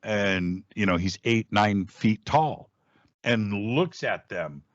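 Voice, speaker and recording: A middle-aged man, a radio host guesting on a podcast, telling a personal story in a lively, casual way with frequent restarts and sudden jumps in pitch. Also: takes it slowly, no room sound. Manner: animated storyteller, jumps up in pitch when acting out quoted speech, frequent restarts. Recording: dull, dry lo-fi audio.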